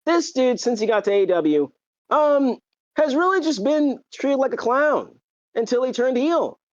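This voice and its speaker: A man co-hosting a podcast, chatting casually and excitedly, with lots of fillers and restarts. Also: very high voice, a little slow, no echo, highs cut off. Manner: rambling, filler-heavy, excitable. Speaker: podcast co-host. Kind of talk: casual wrestling chat.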